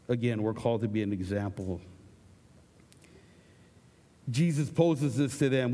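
A middle-aged male pastor with a gravelly edge to his voice, preaching in an animated, joking way. His words ring out with a long echo around a church hall. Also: mid-range voice, fast, few pauses. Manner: animated, jokey preaching with acted asides. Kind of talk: sermon.

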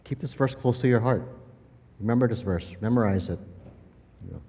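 Pastor telling a story in a hall. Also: male voice, fairly low pitch, a little fast. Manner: animated storytelling, laughing often, then quiet and earnest. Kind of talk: sermon with personal story.

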